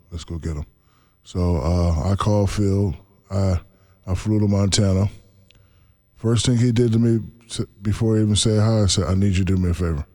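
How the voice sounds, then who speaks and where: Deep, mellow-voiced man telling stories. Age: 40s. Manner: laid-back, laughs often, acts out quotes. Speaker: interview guest, former basketball center. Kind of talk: casual storytelling interview.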